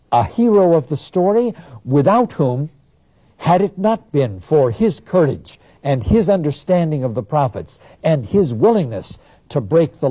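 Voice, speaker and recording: A man teaching about the Bible in an animated lecture, acting out the people he quotes with sudden bursts of emphasis. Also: mid-range voice, no room sound. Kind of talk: lecture on scripture.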